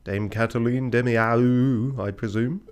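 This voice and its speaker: A man's voice: mid-range voice, steady tone, measured pace, darkish tone, close to an everyday voice. A man reading a pompous bird lawyer. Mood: formal.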